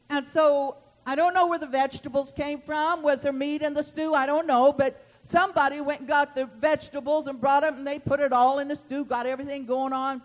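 A high-pitched middle-aged woman delivers a sermon. She tells stories in a folksy, animated way and acts out the voices of her characters. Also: fairly quick, hardly any pauses, poor audio. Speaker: preacher. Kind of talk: sermon storytelling.

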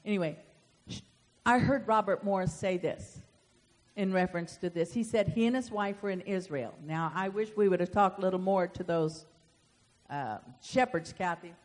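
A woman's voice: fairly low pitch, normal speed, darkish tone. A woman leading a Bible study sermon, earnest and emotional, reading scripture aloud with feeling in a church hall. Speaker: Bible teacher. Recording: long hall reverb.

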